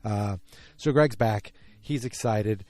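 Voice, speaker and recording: Brief: male podcast host, lower voice, mellow tone, casual rambling recap full of ums. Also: takes it slowly, dry recording. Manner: rambling, many fillers and restarts. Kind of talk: casual solo episode recap.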